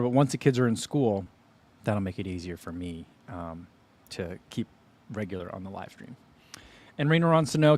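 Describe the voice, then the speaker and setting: A man in his thirties hosting a running livestream, chatting casually and sometimes talking with his mouth full. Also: medium pitch. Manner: relaxed, chatty, talks while chewing. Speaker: running channel host. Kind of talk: casual livestream food tasting.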